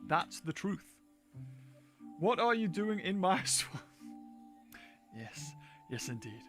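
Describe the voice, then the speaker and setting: Lively high-voiced man streaming. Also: slow pace, soft background music. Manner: chatty, thinks aloud, laughs often, talks to chat. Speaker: game streamer. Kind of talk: casual livestream gameplay commentary.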